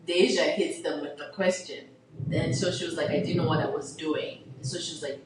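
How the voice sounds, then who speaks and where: Podcast co-host, woman, low-ish voice, chatty and expressive. Retells plots acting out the lines. Room echo, mic set back. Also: brisk, noisy background. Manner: animated retelling, acting out characters' lines, says "like" constantly. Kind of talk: casual book discussion. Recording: roomy, distant mic.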